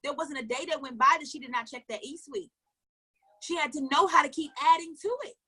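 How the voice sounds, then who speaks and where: Her voice high and bright, this network marketing coach delivers a motivational coaching talk at a fairly quick pace. She's emphatic, rapid with questions, repetitive with her points, and now and then slips into low asides.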